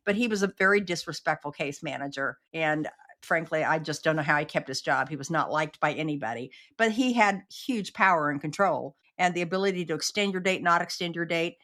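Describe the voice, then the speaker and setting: A woman's voice: low-pitched, fairly quick, fairly bright tone. A woman guest on an interview podcast telling a personal story earnestly and acting out the quoted exchanges.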